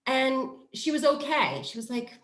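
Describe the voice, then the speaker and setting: Mom, middle-aged, parenting trainer, chatty and animated, kinda echoey room. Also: female voice, high voice, a little slow. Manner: animated storyteller who acts out quoted voices. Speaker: positive discipline trainer. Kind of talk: casual conversational advice. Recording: roomy echo.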